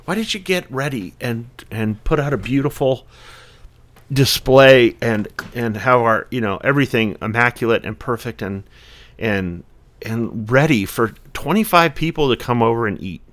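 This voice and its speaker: A man's voice: mid-range voice, expressive, moderate pace, a bit bright. A man in his forties, a podcast guest talking casually and reflectively, rambling with lots of "you know" fillers. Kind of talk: casual conversation.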